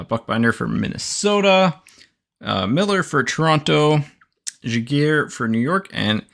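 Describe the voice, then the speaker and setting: A man's voice: medium pitch, vocal fry. A man hosting a card break, reading out player names and teams in a casual, self-correcting way with lots of fillers. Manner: reads out player names and teams in a steady list, with frequent "uh" fillers. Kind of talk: live card-opening commentary.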